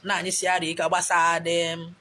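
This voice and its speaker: A woman's voice: fairly low pitch, completely flat delivery, moderate pace, pushed and bright, slight background noise. A middle-aged Nigerian woman with a Nigerian accent, talking emotionally and a little preachily as she rambles on her own live video, recorded on a phone. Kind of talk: casual motivational live stream.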